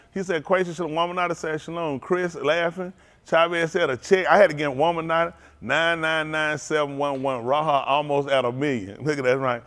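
Teasing pastor with a Black drawl. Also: male voice, fairly high pitch. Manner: playful, teasing, drawling street slang. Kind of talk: loose joking sermon talk to a congregation.

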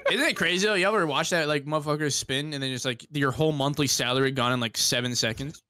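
A young man hosting a casual gaming chat, excitable and crude, laughing often. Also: on the high side, fast talker, slight background noise. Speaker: gaming streamer host.

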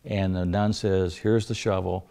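A man's voice: low voice, little pitch movement, unhurried, creaky, mellow. An older man telling anecdotes in an interview, folksy and wry, chuckling through his punchlines. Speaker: interview guest. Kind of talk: anecdotal storytelling.

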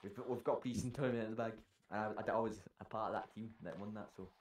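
Excitable Scottish man calling hockey. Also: lowish voice, reverberant, recorded from a distance, a little hiss or hum. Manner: excitable, swearing, calls plays in quick bursts. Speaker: play-by-play commentator. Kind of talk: casual game commentary.

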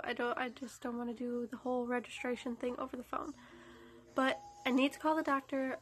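Congested high-voiced mom vlogging. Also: female voice, a bit bright. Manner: chatty, rambling. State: congested, stuffy-nosed. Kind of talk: casual home vlog. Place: at home indoors.

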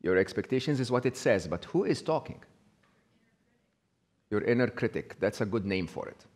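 Egyptian man giving a lively talk. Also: fairly low pitch, normal speed. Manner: interactive, asks the audience questions; many fillers and restarts. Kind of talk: live talk to an audience.

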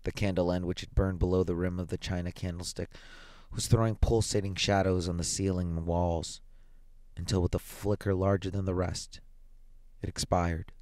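Low-voiced man narrating a horror story. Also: little pitch movement, a little mellow, dry recording. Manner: measured, dramatic, deliberate pauses. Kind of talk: reading a classic horror short story aloud.

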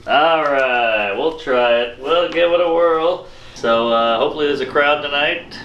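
A male stand-up comedian chatting casually to the camera backstage and in a hotel room, rambling and joking and quick to get excited. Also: a little high, highs cut off, slight background noise.

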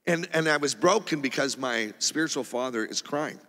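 A man telling a personal testimony from the pulpit in an animated, rambling way, with many restarts. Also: medium pitch, normal speed. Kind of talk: testimony sermon. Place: church auditorium. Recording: long reverb of a church hall.

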